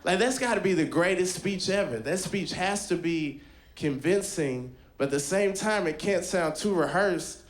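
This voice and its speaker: A man's voice: sits high, lively intonation, normal speed, roomy sound, a little hiss or hum. A man doing a stand-up comedy set, telling wry, casual stories. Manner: casual, wry storytelling with a mocking put-on bro voice.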